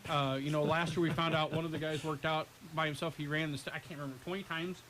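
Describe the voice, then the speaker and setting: Sports radio guy with a slightly high voice swapping player stories. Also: flat delivery, quick pace, fairly bright tone, slight background noise, poor audio. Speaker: game broadcaster. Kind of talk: casual radio chat.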